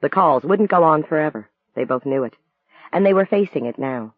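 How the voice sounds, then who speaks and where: A man's voice: fairly high pitch, lively intonation, brisk, dry recording. Man narrating an audiobook, tinny sound. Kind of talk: scripted narration. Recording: dry, tinny phone-like sound.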